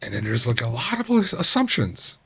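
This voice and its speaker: A man's voice: normal speed, vocal fry, husky. A middle-aged man hosting a podcast, telling work stories in a casual monologue and acting out coworkers' lines in a raised voice. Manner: animated, acts out quoted coworkers with raised pitch. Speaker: podcast host.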